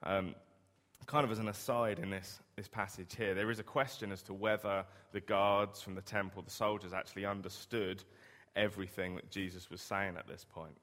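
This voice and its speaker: A man's voice: low voice, level tone, normal speed, fairly bright tone. A man preaching a sermon in a conversational way, often asking the listeners rhetorical questions. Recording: long reverb of a hall.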